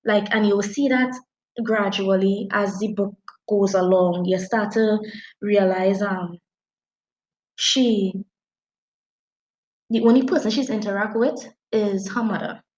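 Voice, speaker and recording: A woman with a Trinidadian accent, chatting casually about a book as a podcast co-host, telling it with animated dialect. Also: mid-range voice, takes it slowly, long pauses, reverberant, rough recording. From Trinidad and Tobago. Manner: animated, dialect-heavy storytelling. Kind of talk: casual book review chat.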